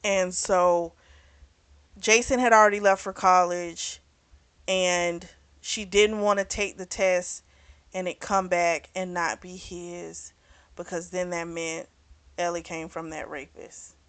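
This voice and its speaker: Smooth-voiced woman recapping a book. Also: on the low side, steady tone, slow pace, fairly bright tone, no room sound. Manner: chatty retelling with fillers and restarts. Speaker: book reviewer. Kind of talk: casual plot recap.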